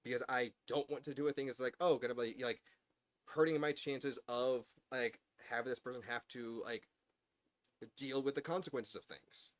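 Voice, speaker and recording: A man's voice: medium pitch, fairly even intonation, moderate pace, dry recording. A worked-up man chatting on a live stream, rambling with stammering restarts. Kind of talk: casual live-stream chat.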